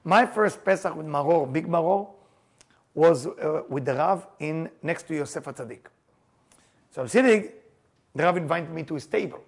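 Gravelly, husky man teaching with gusto. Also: fairly high pitch, moderate pace. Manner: animated storyteller, laughs and jokes, shouts for emphasis. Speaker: rabbi teaching the Passover seder. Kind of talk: lively teaching talk to a group.

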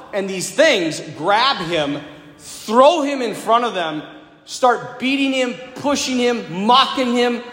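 A man's voice: high-pitched, fairly bright tone. A man who is a Catholic priest, giving a conversational homily, telling a story with casual asides. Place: large church. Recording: echoey hall with long reverb.

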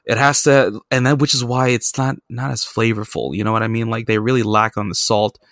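A man's voice: medium pitch, steady tone, brisk, fairly bright tone, no room sound, studio quality. A man hosting a podcast, telling travel stories in a rambling, profane, self-mocking way. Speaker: podcast host. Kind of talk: casual storytelling chat.

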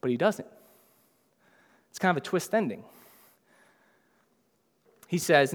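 A pastor preaching a sermon in a casual, conversational way, acting out the lines of biblical figures in lively voices. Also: male voice, medium pitch, measured pace, long pauses, long reverb tail.

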